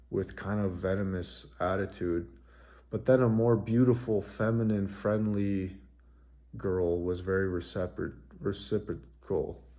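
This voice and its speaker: Male vlogger, deep, relaxed tone, rambling casual monologue. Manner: rambling, filler-heavy with frequent "like".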